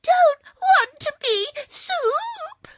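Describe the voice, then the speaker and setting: A woman's voice: very high voice, big pitch swings, extremely slow, a bit bright, no echo, studio quality, pitched above the performer's own voice, exaggerated voice. A woman reading a storybook, voicing a frightened little boy who cries and wails. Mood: wailing. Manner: wailing. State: crying. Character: small boy, frightened and tearful.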